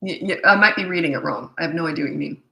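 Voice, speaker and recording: A woman's voice: low voice, rapid-fire, gravelly, sharp tone. A middle-aged woman, a parenting coach, bluntly and emphatically answering viewer questions in a live Q&A session. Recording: echoey room.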